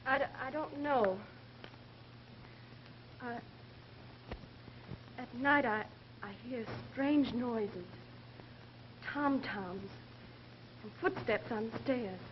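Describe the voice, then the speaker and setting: A woman's voice: on the high side, expressive, normal speed, close to an everyday voice. An actress playing a level-headed female private nurse from England, dry and deflecting in manner. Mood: cool. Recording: 1930s film soundtrack, dull and hissy.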